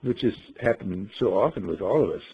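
A man's voice: lowish voice, lively intonation, a little fast, slightly rough. A man giving a storytelling talk, who asks rhetorical questions and playfully acts out the scenes he describes. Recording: dull lo-fi recording.

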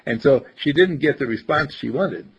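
An older man giving life advice in a casual inspirational talk, animated and chuckling, often acting out little dialogues in a husky voice. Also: medium pitch, normal speed. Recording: dull lo-fi recording.

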